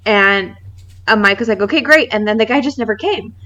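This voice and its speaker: A woman in her thirties co-hosting a podcast, telling a funny story in casual chat, animated and laughing often. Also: medium pitch, brisk, dull audio. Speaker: podcast co-host.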